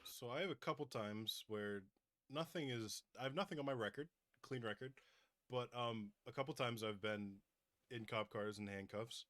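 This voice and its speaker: A young adult man hosting a podcast, telling a story in relaxed, rambling casual chat. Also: medium pitch, moderate pace, no echo, clean studio sound. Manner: laid-back, rambling with fillers and loose asides. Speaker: podcast host.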